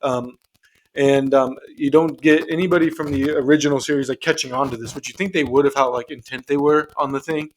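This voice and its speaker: A man's voice: medium pitch, steady tone, fairly quick, a little hiss or hum. A man co-hosting a casual movie review podcast, rambling with lots of ums and restarts. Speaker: podcast co-host.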